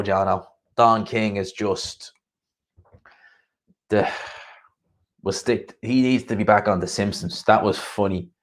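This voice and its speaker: A man chatting casually on his boxing livestream, rambling through viewer comments and laughing often. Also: lowish voice.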